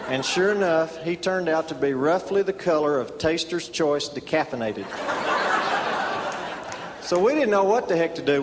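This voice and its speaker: A man telling a folksy tall tale as stand-up comedy, deadpan, with many drawn-out "uh"s. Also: on the high side, slight background noise. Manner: deadpan folksy storyteller with filler "uh"s. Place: live comedy stage before an audience. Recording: reverberant live hall, audience laughter.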